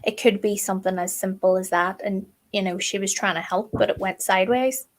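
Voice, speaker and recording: A woman's voice: mid-range voice, steady tone, a little fast. A middle-aged woman co-hosting a true crime chat, telling stories in a chatty, emphatic way with lots of fillers. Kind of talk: casual chat.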